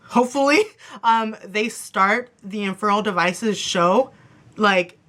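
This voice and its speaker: A young woman chatting excitedly in a casual TV episode review, gushing and breathless, with lots of fillers. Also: medium pitch, slow. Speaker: TV review vlogger. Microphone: camera on her desk after her phone stopped recording.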